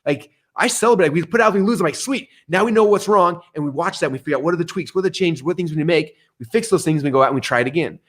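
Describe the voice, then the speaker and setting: A middle-aged man telling stories in an interview, energetic and animated, acting out the voices he quotes. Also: a little high, very fast, hardly any pauses. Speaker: guest. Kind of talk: storytelling interview answer.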